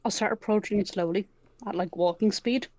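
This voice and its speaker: A woman's voice: mid-range voice, brisk, darkish tone. A woman playing a tabletop game, thinking her moves through aloud and trailing off mid-sentence. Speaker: player. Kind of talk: casual tabletop game play.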